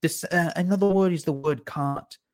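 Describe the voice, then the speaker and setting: Animated man telling stories. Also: a little high, moderate pace. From Australia. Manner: animated, acts out quoted people in his stories. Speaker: podcast guest, fitness educator. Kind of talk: casual storytelling interview.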